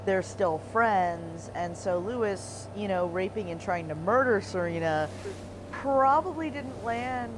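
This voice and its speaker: A woman's voice: medium pitch, lively intonation, unhurried. A woman chatting casually and bluntly while playing a game with a friend, laughing often. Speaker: gaming co-player. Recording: noticeable background noise.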